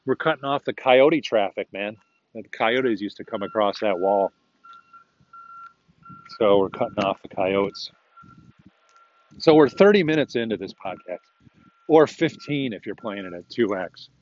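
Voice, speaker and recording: A man's voice: on the low side, lively intonation, a little slow, pauses often, highs cut off. A man hosting a podcast, rambling casually to himself and his dog while walking outdoors and chuckling often. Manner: chatty and self-talking, chuckles often. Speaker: podcast host.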